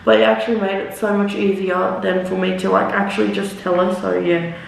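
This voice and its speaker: Rambling young woman with vocal fry. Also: mid-range voice, level tone, brisk. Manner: rambling, swears freely, many "like"s and "literally"s. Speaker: vlogger. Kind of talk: casual storytime while doing makeup. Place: echoey room, talking away from the camera. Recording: roomy echo, mic at a distance.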